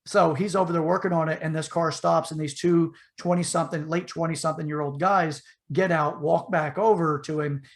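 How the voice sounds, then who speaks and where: A man with a slightly higher voice spins a long tale in a loose, rambling way, full of fillers and restarts. He slips into the voices of the people in his story as he goes, keeping the feel of a casual podcast chat. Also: brisk, hardly any pauses. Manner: animated retelling, acts out the voices in his story. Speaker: podcast host telling a story.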